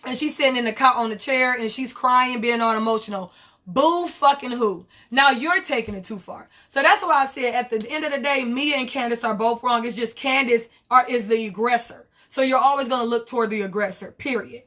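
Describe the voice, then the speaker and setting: A woman rambles through a reality TV recap, blunt and swearing freely. Her voice sits a bit high and sounds bright and forceful. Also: a little fast. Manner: blunt, profane, rambling commentary with quoted asides. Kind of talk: casual vlog recap.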